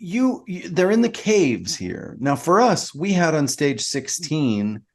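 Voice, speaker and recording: A man co-hosting a podcast, chatting casually and sharing memories in quick asides. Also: on the high side. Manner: animated, reminiscing asides. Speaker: podcast co-host. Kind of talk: casual conversation.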